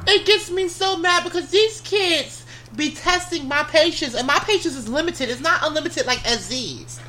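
A woman in casual chat, ranting heatedly and getting loud when riled. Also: high-pitched, lively intonation, moderate pace, a little hiss or hum.

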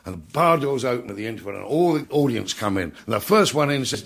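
A man's voice: medium pitch, sing-song, fast, gravelly, crowd noise. An older man, an entertainer, telling comic backstage anecdotes in a chatty way, full of "you know" asides. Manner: chatty, peppered with "you know", laughs at his own tales.

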